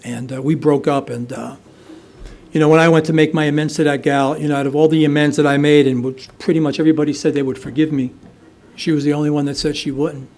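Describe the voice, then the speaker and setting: A man's voice: fairly high pitch, little pitch movement, fast, a little mellow. A middle-aged man from the United States telling his recovery story at a meeting, conversational, with many fillers and restarts. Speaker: AA speaker. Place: meeting hall.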